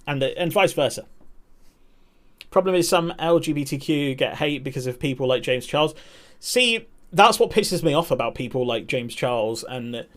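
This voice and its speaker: A young man chatting candidly and rambling on a live stream, swearing and laughing often. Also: mid-range voice. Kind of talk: casual chat.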